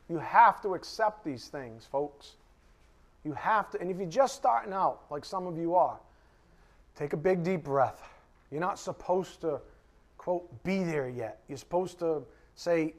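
A man preaching a conversational sermon to a Bible class. He talks directly to his listeners and swings between loud emphasis and quiet asides. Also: on the high side, animated, measured pace. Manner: emphatic and direct, addressing the congregation.

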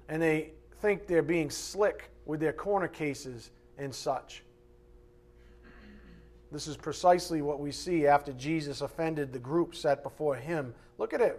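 A fairly high-pitched man gives a lively expository sermon, ridiculing his opponents by mimicking them and shouting to underline key points.

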